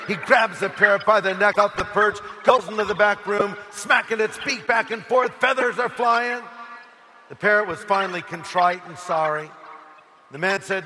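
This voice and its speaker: A male pastor preaching a sermon to a stadium crowd, telling stories and now and then booming out quoted lines. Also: moderate pace. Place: outdoor stadium. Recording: echoey stadium sound with faint noise.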